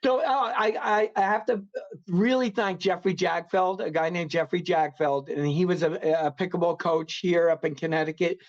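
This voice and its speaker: A man's voice: sits high, fairly even intonation, moderate pace, lo-fi sound. A man with a New York accent, a podcast guest telling his story in casual chat, full of fillers and restarts. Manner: rambling, many fillers and restarts.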